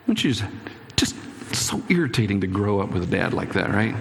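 Gravelly man preaching in a reverberant hall. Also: on the low side, very animated, normal speed, slight background noise. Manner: earnest, personal storytelling with frequent restarts. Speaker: pastor. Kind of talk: sermon. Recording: echoey hall with long reverb.

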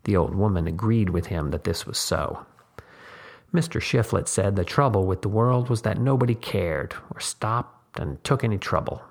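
A man narrating a literary short story in a measured, deliberate delivery. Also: lowish voice, creaky. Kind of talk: story reading.

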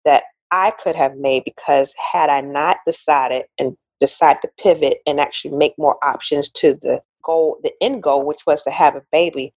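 A woman in her forties, a podcast guest, telling a personal story in a lively way and acting out the voices of the people in it. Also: low voice, normal speed, hardly any pauses, slightly rough, no echo, highs cut off. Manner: animated storyteller, acts out quoted voices, laughs often. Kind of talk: casual interview storytelling.

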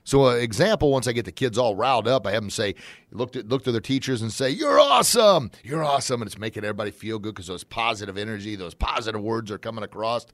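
With a lowish voice and a quick pace, a man hosts his own folksy, upbeat motivational show, jumping into excited shouts while acting out examples. The recording is dry and studio quality.

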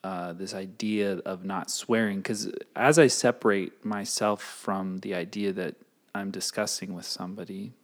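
Relaxed co-host, lively and emphatic, plays out scenes. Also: male voice, low-pitched, measured pace. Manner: animated, acts out voices in his stories. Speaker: podcast co-host. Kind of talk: casual chat.

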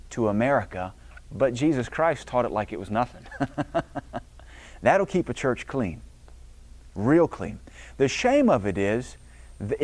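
Middle-aged male pastor, emphatic preacher, medium pitch, dry close recording. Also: a little mellow, no room sound. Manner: emphatic, preacherly cadence quoting scripture. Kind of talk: sermon.

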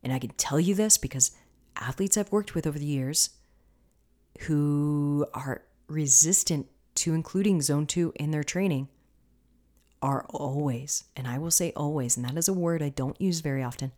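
A woman's voice: sits low, normal speed, dark tone. A woman hosting a podcast as a coach, talking casually and passionately, swearing freely and sometimes dropping into a whisper.

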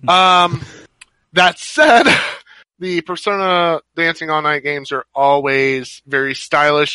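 A man co-hosting a casual gaming podcast, excitable and quick to laugh. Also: fairly high pitch, dry recording, low-quality recording. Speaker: podcast co-host.

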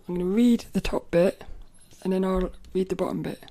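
A woman hosting a casual solo podcast, chatting playfully with many restarts and sometimes reading aloud from a children's book. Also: mid-range voice. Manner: chatty and playful, with frequent self-corrections; reads quoted passages louder and slower. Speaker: podcast host.

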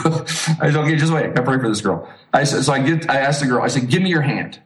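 A man being interviewed as a street evangelist, telling a story with animated energy and frequent restarts. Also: medium pitch, fast. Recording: roomy echo.

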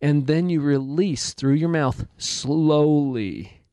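A man explaining breathing techniques in a slow, measured, instructive way during a conversation. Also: fairly high pitch, mellow, no echo, studio quality. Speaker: guest expert on stress. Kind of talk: calm explanatory chat.

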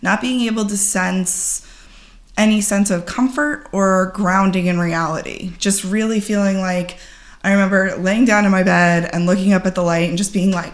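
Earnest woman, halting and candid. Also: medium pitch, steady tone. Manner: earnest, halting, full of "like" fillers. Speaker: podcast guest. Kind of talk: candid personal account in conversation.

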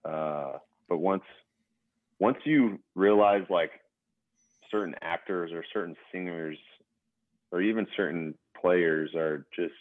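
A young adult man, a former pro basketball player, telling stories as a guest in a relaxed casual podcast interview, over a tinny phone-like line. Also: low voice, takes it slowly, long pauses, no echo. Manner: relaxed storytelling with fillers.

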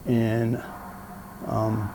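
A man's voice: medium pitch, drawn-out words, noisy background. A middle-aged man, an interview guest, telling a story casually and acting out the voices of the people in it. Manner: animated storyteller, acts out quoted voices.

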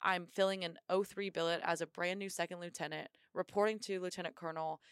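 Upbeat young woman, smooth voice, dry room. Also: lowish voice, fast talker, dry recording. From United States. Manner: energetic, upbeat storyteller who acts out quotes. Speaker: guest, Marine officer and bobsled athlete. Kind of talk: casual podcast interview.

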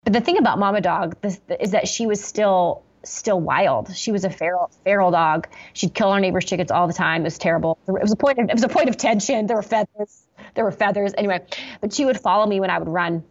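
A woman's voice: fairly low pitch, highs cut off. A woman pastor telling a personal story in an interview, earnest and reflective, with many fillers and restarts.

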